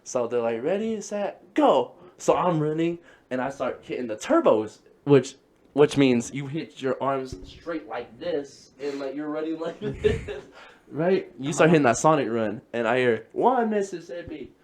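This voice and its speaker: A man's voice: mid-range voice, unhurried, crowd noise. Young guy rambling thru a story on a podcast, laughing a lot. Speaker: podcast co-host. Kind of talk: casual storytelling.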